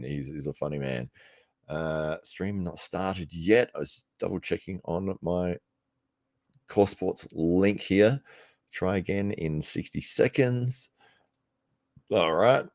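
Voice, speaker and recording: A man casually commentating on a live stream from his computer, chatty and quick to laugh as he rambles between tasks. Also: low-pitched, a little mellow, no room sound, clean studio sound.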